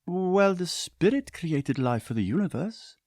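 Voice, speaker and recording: A man's voice: high-pitched, sing-song, unhurried, darkish tone, no echo, studio quality, pitched above the performer's own voice, heavily acted. Katerina, a man voicing an earnest young woman. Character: earnest young woman diplomat, eager and steady.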